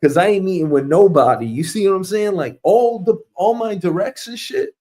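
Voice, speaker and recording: A man hosts a loose solo show in a fairly high voice. He rants with plenty of profanity and mocks office habits. He drops into quick impressions of the people he talks about. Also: lively intonation, darkish tone. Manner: profane, mocking, acts out coworkers in quoted asides. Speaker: host. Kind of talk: casual ranting monologue.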